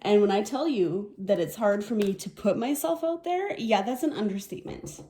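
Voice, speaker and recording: Woman tarot reader, mellow dark voice, emotional and sniffly, casual reflective delivery. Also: medium pitch, lively intonation, normal speed. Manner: soft-spoken, emotional, reflective, with sniffles and laughs. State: teary, sniffling. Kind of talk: casual tarot reading to camera.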